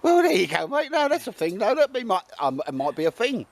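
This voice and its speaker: A man's voice: high-pitched, very animated, a little fast, creaky. A man chatting casually to the camera while cooking outdoors, rambling and bantering with lots of tag questions. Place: outdoors in woodland.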